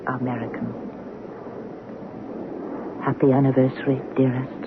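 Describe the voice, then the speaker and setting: A woman's voice: extremely low pitch, little pitch movement, unhurried. An actress playing a teasing French wife in her fifties with a French accent, once a wartime resistance fighter, in 1970s radio drama acting. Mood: affectionate. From France. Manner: teasing, affectionate. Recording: tinny hissy old radio broadcast.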